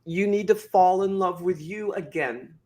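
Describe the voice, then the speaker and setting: A man who works as a motivational speaker, talking as a podcast guest in an emphatic, preachy way and acting out what people say with big swings in pitch and loudness. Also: a little slow. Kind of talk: animated podcast conversation.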